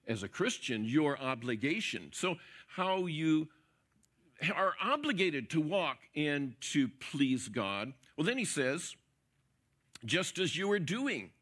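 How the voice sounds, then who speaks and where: Male preacher, expository sermon, emphatic repetition, bright tone. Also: medium pitch. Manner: emphatic, repeats words for stress; encouraging, coach-like.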